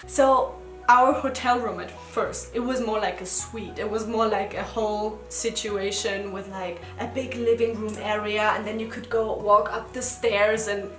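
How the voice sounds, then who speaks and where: A young woman casually telling a story, animated and acting out the lines she quotes. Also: medium pitch, unhurried. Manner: animated, acts out quoted lines, laughs often. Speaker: co-host. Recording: echoey room with music.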